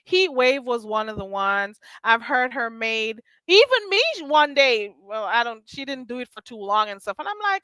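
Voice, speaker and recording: A woman's voice: fairly high pitch, lively intonation, moderate pace, few pauses, pushed and bright, clean tone, no echo. A woman hosting a casual commentary show, talking in a blunt, emphatic and profane way.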